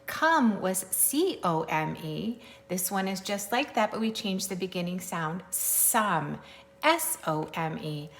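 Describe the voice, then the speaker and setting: Her voice sits on the low side yet sounds expressive and fairly bright. As a teacher recording a sight-word lesson for little children, she spells words slowly and clearly in a playful sing-song.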